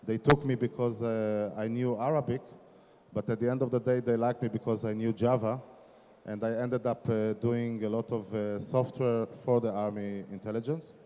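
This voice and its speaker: A man's voice: mid-range voice, steady tone, normal speed, a little mellow. A man in his forties with an Israeli accent, giving an informal, self-deprecating startup conference talk with frequent fillers. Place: conference startup stage in a large hall. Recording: long hall reverb from the venue.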